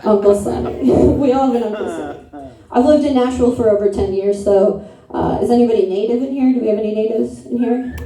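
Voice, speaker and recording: A woman's voice: fairly high pitch, fast talker, dark tone. Brash woman doing crude stand-up. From upstate New York. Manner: brash, crude, self-mocking, chatting with the crowd. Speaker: stand-up comedian. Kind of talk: stand-up comedy set. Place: comedy club stage. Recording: echoey room, mic from a distance.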